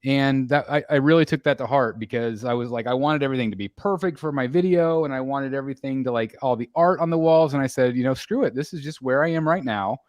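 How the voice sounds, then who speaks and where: A man's voice: medium pitch, fast, few pauses, no room sound, studio quality. A man hosting a live stream, chatting casually and rambling with lots of fillers. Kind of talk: casual chat.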